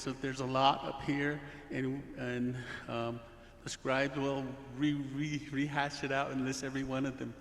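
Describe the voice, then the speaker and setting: A man facilitating a community forum discussion, speaking haltingly with many fillers and restarts. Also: a bit bright. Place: large hall. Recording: echoey hall with faint rumble.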